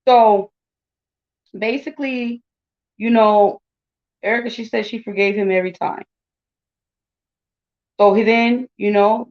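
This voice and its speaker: A woman's voice: a little high, measured pace, long pauses, dull audio. A woman in her forties giving blunt, indignant casual commentary and talking straight to her viewers with frequent asides. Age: 40s. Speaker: commentary channel host.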